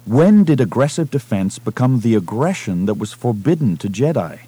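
A man narrating a science-fiction novel as an audiobook reader, with a measured, dramatic delivery. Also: medium pitch, sing-song, mellow, slightly rough, dry recording. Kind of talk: scripted narration.

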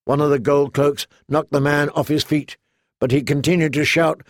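A man reading a fantasy novel aloud as an audiobook narrator, measured and steady. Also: a little high, no room sound, clean studio sound. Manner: measured, storytelling. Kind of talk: scripted narration.

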